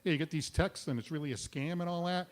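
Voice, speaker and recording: Male comic host, fairly high voice, rapid pun-heavy banter, restaurant gig. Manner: punning, self-mocking, quick asides. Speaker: comedy show host. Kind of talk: stand-up jokes and banter.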